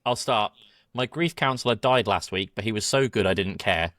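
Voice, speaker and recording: A British man co-hosting a podcast, chatting in a laid-back way and trading quick one-liners with a chuckle. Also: on the low side, a bit bright, no room sound, clean studio sound. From Britain. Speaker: podcast co-host. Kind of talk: casual comedic chat.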